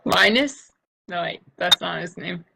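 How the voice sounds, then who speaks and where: A woman's voice: fairly low pitch, lively intonation, measured pace, vocal fry, very noisy. Eager woman player at the table. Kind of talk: casual tabletop play.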